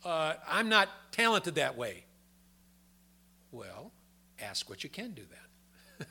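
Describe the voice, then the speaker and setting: An older man preaching a sermon in a folksy, conversational way, telling personal stories, with a gravelly voice. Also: fairly high pitch, big pitch swings, takes it slowly, pauses often, pushed and bright.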